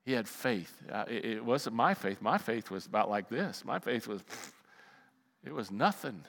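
A middle-aged male pastor preaching a sermon, telling a personal story with animated swings between loud outbursts and quiet asides. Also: on the low side, moderate pace, vocal fry, big-room sound.

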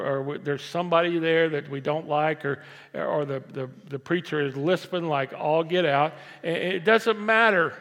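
A man preaching a conversational sermon as pastor, moving from quiet asides to loud, emphatic repeated lines. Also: fairly high pitch. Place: large church hall. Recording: long reverb of a church hall.

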